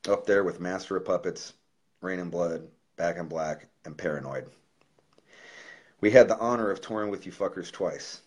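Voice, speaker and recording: Brief: man, very low voice, cursing musician on a casual livestream, reading a heartfelt letter. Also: moderate pace, a little mellow, slightly rough. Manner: profane, loose and heartfelt.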